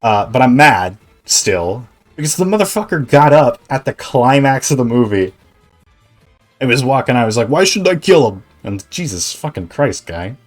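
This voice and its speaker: A male Twitch streamer chatting casually while gaming, rambling, animated, and swearing freely. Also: mid-range voice, moderate pace, faint music behind.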